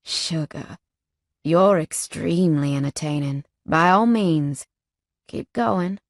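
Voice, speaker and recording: A woman voicing a cocky, flirtatious male biker who teases with a slow drawl. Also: low-pitched, no room sound, clean studio sound. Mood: teasing. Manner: teasing drawl, calls her sugar.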